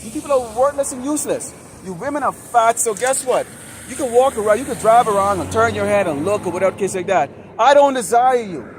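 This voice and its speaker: A man's voice: high voice, lively intonation, a little fast, crowd noise. A man street preaching to a camera outdoors, heated, ranting and profane. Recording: outdoor traffic noise.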